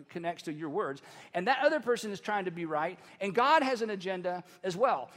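High-voiced pastor in a reverberant church. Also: male voice. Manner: conversational and animated, with playful asides. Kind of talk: sermon.

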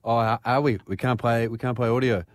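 A man's voice: medium pitch, steady tone, brisk, no room sound, studio quality. A man co-hosting a radio show, bantering playfully and joking with callers. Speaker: radio co-host. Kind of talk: casual radio chat.

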